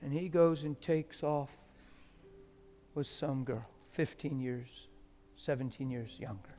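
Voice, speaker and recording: A man preaching a sermon, dropping to hushed whispers and rising to loud, emotional exclamations. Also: medium pitch, slow pace. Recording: long hall reverb with faint music.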